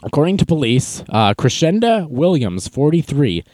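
A young man hosts a podcast, telling stories in a casual, self-mocking way. His pitch swings widely as he talks, and he jumps into a high voice to act out quotes. The sound is dry and close. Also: big pitch swings, normal speed, darkish tone, dry recording. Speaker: podcast host. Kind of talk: casual storytelling monologue.

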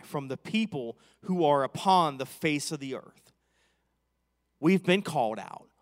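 A man preaches to his congregation, reading scripture slowly and then pressing his points with growing fervor. His voice sits a little high for a man. The sound rings with the long reverb of a church hall. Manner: reads verses slowly, then preaches with rising loudness.

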